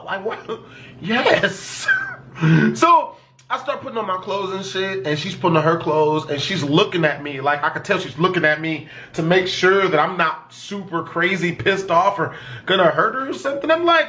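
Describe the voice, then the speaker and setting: Young man, very high voice, bright and forceful tone, casual storytime, rambling, profane, animated, excited shouts. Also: unhurried.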